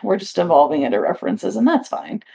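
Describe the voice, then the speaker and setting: A woman's voice: mid-range voice, very animated, fast talker, creaky, mellow, breathy edge. A woman co-hosting a casual podcast, telling playful stories and laughing often. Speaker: podcast co-host.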